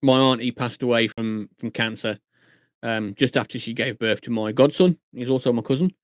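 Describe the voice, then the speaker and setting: Male streamer, casual storyteller, mid-pitched, dry close mic. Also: moderate pace, dry recording. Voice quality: chatty, animated storytelling with acted-out quotes. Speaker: live streamer. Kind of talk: casual live-stream chat. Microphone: desk mic at a computer monitor.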